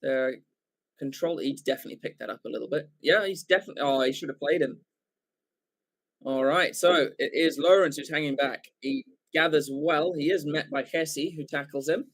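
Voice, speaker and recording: An English man with a fairly high pitch talks a little fast while commentating rugby play-by-play live for a watchalong stream. He gets excitable and rambles, full of fillers and self-corrections.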